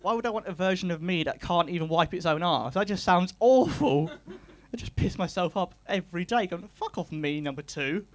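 Deadpan stand-up comic. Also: male voice, sits high, a little fast. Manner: deadpan, self-deprecating, pedantic. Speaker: stand-up comedian. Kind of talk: stand-up comedy set.

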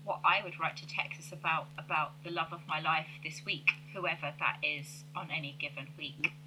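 A woman's voice: sits low, fairly even intonation, normal speed, heavy background noise. A woman co-hosting a comedy podcast, reading out letters and replies with giggly self-mockery. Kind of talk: casual comedy podcast chat.

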